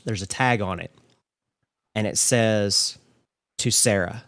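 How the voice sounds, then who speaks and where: A man narrating as game master for a tabletop game, unhurried and measured, with frequent fillers. His voice sits at a middle pitch and sounds dry and close to the mic. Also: a bit bright, no echo.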